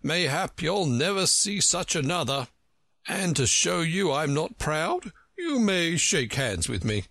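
Male reader doing a pompous, touchy egg, drawn-out and huffy, gravel in the voice, swooping pitch. Storybook. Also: sing-song, fairly bright tone, dry recording, clean studio sound, exaggerated voice. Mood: grand. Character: pompous touchy egg-shaped man on a wall. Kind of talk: storybook reading.

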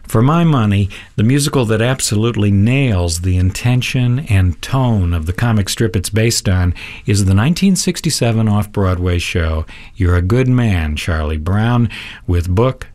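Low-voiced man narrating as critic. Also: lively intonation, darkish tone. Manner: measured, appreciative commentary. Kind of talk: scripted narration.

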